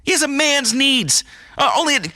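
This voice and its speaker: A man's voice: extremely high pitch, lively intonation, moderate pace, bright, forceful tone, exaggerated voice. An actor playing a washed-up, self-pitying male radio host who stammers and whines in a game radio comedy.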